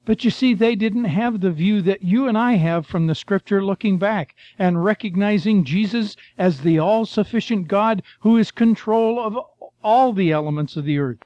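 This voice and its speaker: An older man preaches a sermon in a folksy, storytelling way, reading Scripture, telling missionary stories, and calling his listeners "folks" and "friend." His voice sits high with a darkish tone, and the recording is dry and muffled.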